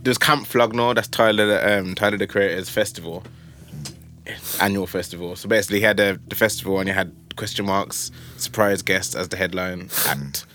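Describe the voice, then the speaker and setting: A man's voice: low voice, steady tone, brisk, sharp tone, a little hiss or hum. A man hosting a casual chat, laid-back and teasing. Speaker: podcast host.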